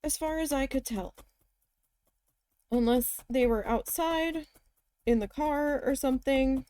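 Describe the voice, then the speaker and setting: A woman's voice: sits high, slow pace, mellow, clean tone, dry recording. A woman chatting casually while she works on a craft, telling stories and talking to her cat. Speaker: crafting vlogger.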